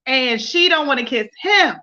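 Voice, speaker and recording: A woman co-hosting a live reality show review, chatting in a sassy, expressive way with quick asides. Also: high voice. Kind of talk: casual live-stream chat. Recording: slightly dull, lo-fi sound.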